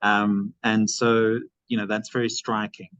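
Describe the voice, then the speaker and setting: A man's voice: fairly low pitch, level tone, a little slow, fairly bright tone, dry recording. Male seminar chair, hesitant with many fillers, dry dull lo-fi audio. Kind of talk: academic seminar discussion.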